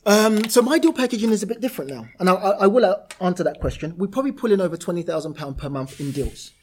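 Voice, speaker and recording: A man with a British accent, a guest on a podcast interview, telling lively stories about his work and voicing other people in quotes. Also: high voice, fast, a little hiss or hum. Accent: British English. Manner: animated storyteller, voices others in quotes. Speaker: property entrepreneur guest.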